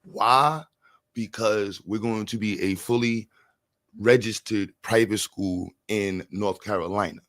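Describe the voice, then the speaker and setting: Energetic New livestream host. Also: male voice, on the low side, slow, no echo. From New York. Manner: energetic, repeats words, slangy, shouts out chat. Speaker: livestream host raising funds for a school. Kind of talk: casual livestream chat.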